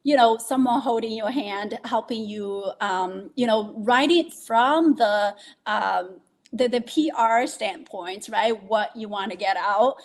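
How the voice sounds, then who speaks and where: Slow-talking woman host, full of fillers. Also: fairly high pitch. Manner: hesitant, many fillers, affirming. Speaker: podcast host. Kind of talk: casual interview chat.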